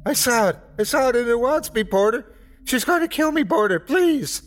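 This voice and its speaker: A man's voice: extremely high pitch, animated, normal speed, voice pushed up. A man voicing a drunk, terrified man who screams frantic pleas while sobbing, in a spoken horror story. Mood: frantic, screaming.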